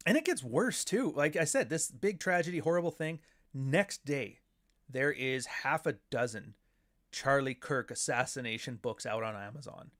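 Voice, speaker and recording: A man's voice: medium pitch, animated, moderate pace, fairly bright tone. Profane, sardonic middle-aged Canadian man. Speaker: show host. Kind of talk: casual livestream commentary.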